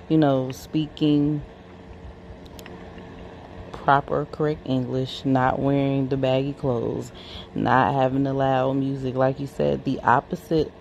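A woman caller speaks slowly in a gravelly voice, pausing often with fillers. Faint noise and vehicle sounds hum behind her. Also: extremely low pitch, a little mellow, lo-fi sound. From Atlanta. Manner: halting, with many fillers.

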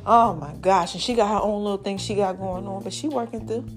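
A woman's voice: medium pitch, a little fast, faint music behind. A woman podcast host, telling a personal story in a conversational, emotional way and acting out the voices of family members. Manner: animated, acts out quoted voices of family; emotional, conversational, preacherly encouragement at the end.

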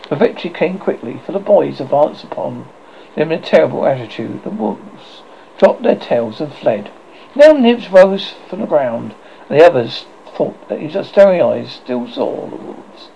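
A man narrating a children's storybook with a theatrical, animated delivery, his pitch rising and falling freely. The voice has a gravelly texture and sits a little high. The recording is slightly dull, with faint background hiss. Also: normal speed. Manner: expressive, theatrical reading. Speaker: audiobook reader.

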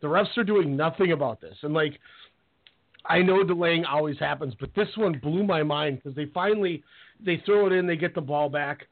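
A sports radio host with a voice a bit high for a man tells stories with animated energy at a normal speed, doing quoted voices for the players. The chat is casual, and the audio sounds tinny and narrow, like a phone line.

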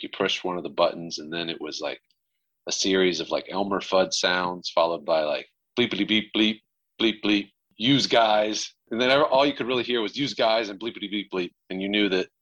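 A man from Atlanta, a former college basketball player, telling animated stories about his coaches. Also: low-pitched. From Atlanta, Georgia, USA. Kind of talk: casual storytelling. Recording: slightly dull recording.

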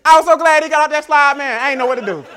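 A man giving a motivational keynote speech, telling stories with animated, emphatic repetition. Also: very high voice, racing. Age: adult father. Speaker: keynote speaker.

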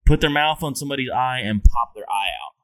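A man's voice: mid-range voice, quick pace, fairly bright tone. Male podcast co-host, mid-range voice; dry, teasing storyteller. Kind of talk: casual podcast banter.

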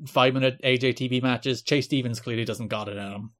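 A man's voice: medium pitch, steady tone, fast, fairly bright tone. A man co-hosting a casual wrestling podcast, recapping old episodes in a dry, wry way and laughing often. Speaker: podcast co-host.

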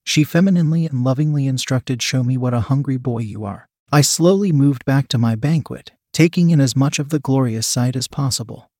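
A man's voice: medium pitch, darkish tone, no room sound. Man reading a story, dry and close. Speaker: reader of an erotic story. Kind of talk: scripted story narration.

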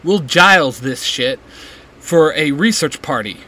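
Guy reading as a nerdy jokey young dude, bright, playful. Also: fairly high pitch, animated, a little slow, slightly rough, exaggerated voice. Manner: playful, puts on a mock British accent. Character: young man, nerdy joking friend.

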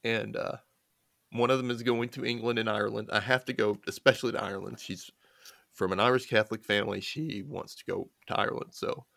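A male guest with a lowish, fry-tinged voice speaks briskly, with no echo present. He's an animated storyteller sharing family anecdotes in easygoing conversation, often laughing and voicing the characters he quotes.

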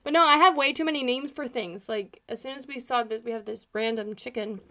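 A woman's voice: on the high side, brisk, pushed and bright, slight background noise. A woman co-hosting a podcast, telling stories in a rambling, chatty way. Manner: chatty, rambling storyteller with frequent laughs. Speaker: podcast co-host. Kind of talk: casual chat.

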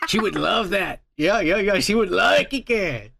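High, gravelly-voiced man hosting a podcast. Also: animated, measured pace, noisy background. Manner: profane, teasing, laughs a lot. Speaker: podcast host. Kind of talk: crude casual chat.

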